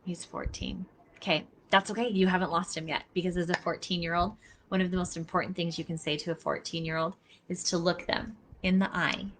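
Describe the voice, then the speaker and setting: A woman's voice: fairly low pitch, steady tone, fairly quick, a bit bright, slight background noise. A middle-aged woman giving a casual live teaching talk, earnest and emphatic, speaking straight to her listeners. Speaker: body mapping teacher. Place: outdoors near traffic.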